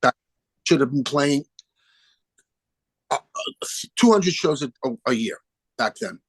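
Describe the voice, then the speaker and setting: An older man chats as an interview guest over a video call, his voice at an ordinary middle pitch. He tells stories with lots of energy and acts out the people he quotes. The sound is close and dry. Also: unhurried, slightly rough, no echo. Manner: animated storyteller, acts out phone calls in quoted voices. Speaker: guest musician. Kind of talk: casual interview chat.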